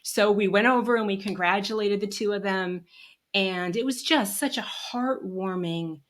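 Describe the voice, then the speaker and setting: A woman hosts a podcast conversation in a chatty, emotional way. Her voice sits at an ordinary middle pitch and she talks warmly. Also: normal speed. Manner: warm and emotional when telling stories, chatty. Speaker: podcast host. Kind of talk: casual interview conversation.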